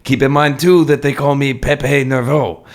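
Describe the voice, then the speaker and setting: A man's voice: medium pitch, steady tone, normal speed, close to an everyday voice. A man doing a jittery, exaggerated fake French accent for a small, always nervous man in a comedic dramatic reading.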